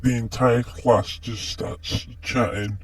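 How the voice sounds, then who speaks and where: A man reading a fan story aloud in a plain, unhurried way. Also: medium pitch, fairly even intonation, breathy edge, distant mic, low-quality recording. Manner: plain, unhurried, repeated "just says". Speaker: narrator.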